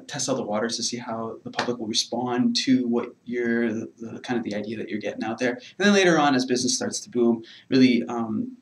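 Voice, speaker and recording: A man explaining software topics to a live webcast audience from home in a loose, hedging way, leaning on filler words. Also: medium pitch, low-quality recording. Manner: loose, hedging, heavy on "kinda" and "really". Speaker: guest software developer.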